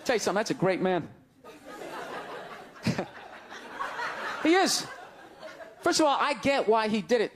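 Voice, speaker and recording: A man doing a stand-up comedy set on stage, ranting loudly and jabbing sarcastically at the audience. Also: high voice, sing-song, measured pace, long pauses.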